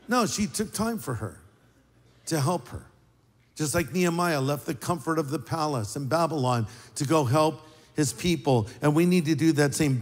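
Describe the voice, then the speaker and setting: Man, pastor, conversational sermon, joking asides, slightly high voice, long hall reverb. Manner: conversational, joking preacher with lively pitch swings.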